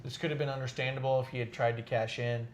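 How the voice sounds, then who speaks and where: A man co-hosting a wrestling chat podcast, talking casually and loudly, with jokey outbursts. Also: medium pitch, little pitch movement, quick pace, a little hiss or hum. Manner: loud, jokey, bursts into shouts and mock singing. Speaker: podcast co-host.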